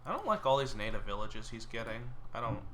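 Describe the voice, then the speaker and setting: A man's voice: fairly low pitch, sing-song, quick pace, a bit bright, a little hiss or hum. A man giving casual, muttering commentary while he plays a card game online, with sarcastic outbursts at bad draws. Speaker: gameplay streamer.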